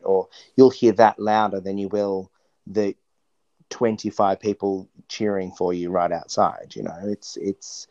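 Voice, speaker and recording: A man talking earnestly as an interview guest, reflecting slowly with frequent restarts. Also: sits low, fairly even intonation, mellow, no echo, lo-fi sound. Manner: earnest, searching, many restarts. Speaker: interview guest, stage performer.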